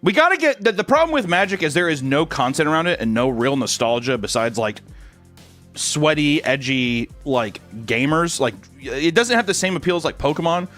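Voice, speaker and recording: A man's voice: on the high side, sing-song, normal speed, fairly bright tone, faint music behind. A young man streaming, reading out fan messages in a crude, joking, sarcastic casual chat.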